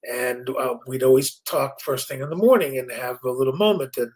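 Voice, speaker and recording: A man's voice: mid-range voice, fairly quick, darkish tone, husky, low-quality recording. A man in his sixties co-hosting a candid talk show, sharing memories in a reflective, agreeable way. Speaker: podcast co-host. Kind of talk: candid conversational storytelling.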